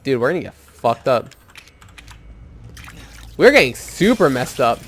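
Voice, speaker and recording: A man's voice: mid-range voice, very animated, measured pace, a bit bright, a little hiss or hum. A young man casually telling a rambling story over gameplay, swearing often and filling with "like". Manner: rambling, swears a lot, heavy use of "like". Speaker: gaming video host.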